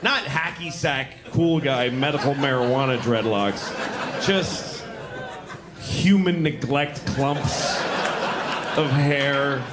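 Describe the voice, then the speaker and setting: Man, from New York, stand-up comic, deadpan with high mimicry, live club, crowd laughing. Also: slow pace, very noisy. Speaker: stand-up comedian. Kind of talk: stand-up routine. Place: comedy club stage before a laughing crowd.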